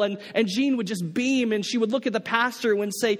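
This pastor's high voice moves briskly, and the sound is that of a big room. Delivering a sermon, he narrates a story, restarts often and acts out the people involved in lively voices.

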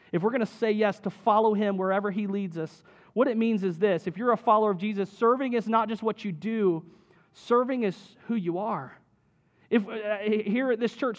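A man with a high, light voice delivers a sermon to his church. He talks in a loose, conversational way, full of "you know" and "right?", sliding his pitch up and down as he goes. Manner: conversational, with many fillers and tag questions. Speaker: pastor.

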